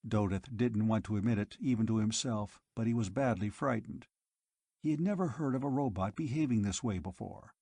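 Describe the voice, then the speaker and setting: A man narrating a science fiction short story with expressive storytelling. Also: lowish voice, a little fast, creaky, husky, no room sound, studio quality. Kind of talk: scripted audiobook narration.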